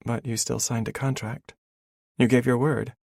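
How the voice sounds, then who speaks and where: A man's voice: mid-range voice, level tone, moderate pace, creaky, darkish tone, no room sound, clean studio sound, voice pushed up. A man voicing a teasing young mother. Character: young woman, new mother, teasing and blunt.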